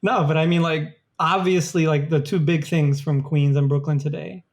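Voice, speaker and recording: Gravelly-voiced man, relaxed chat. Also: a little high, normal speed. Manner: relaxed, laughs often. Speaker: podcast co-host. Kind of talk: casual chat.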